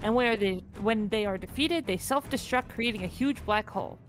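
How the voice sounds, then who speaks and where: A woman's voice: medium pitch, normal speed, slight background noise. A woman co-hosting an online game night in casual chat, reading out character entries and laughing easily. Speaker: co-host of an online AI battle game.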